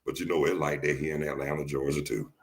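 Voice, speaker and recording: A man with a deep voice and a Southern US accent, hosting a casual podcast chat and telling jokey stories, often restarting his phrases. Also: flat delivery, fast talker. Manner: joking storyteller, repeats and restarts phrases. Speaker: podcast host.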